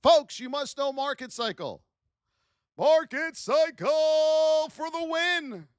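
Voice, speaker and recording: A woman teaching trading on a live stream, talking in an animated, scolding, exclamatory way. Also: high voice, takes it slowly, no room sound, studio quality. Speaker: trading educator.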